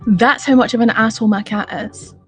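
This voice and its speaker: Lady on a live stream, high-ish voice, swears a lot, animated comic storytelling. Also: a little fast, soft background music. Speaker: livestream host. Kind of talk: casual livestream storytelling.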